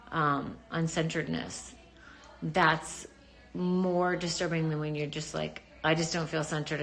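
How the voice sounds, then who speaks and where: A woman's voice: low-pitched, creaky, a bit bright. Chatty reassuring woman on a livestream. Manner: chatty, reassuring, greets commenters. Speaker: livestream host talking to viewers. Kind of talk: casual live-stream chat.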